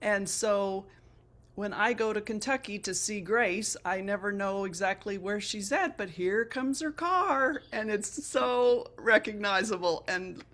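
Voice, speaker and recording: Slow-talking woman on a video call. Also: mid-range voice, fairly bright tone. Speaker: harpist guest. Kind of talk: casual chat on a video call.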